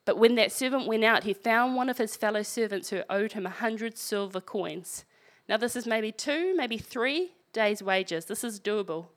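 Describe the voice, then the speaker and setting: A woman's voice: a little high, moderate pace, few pauses. A woman preaching a sermon, reading scripture aloud and breaking in with wry, conversational asides.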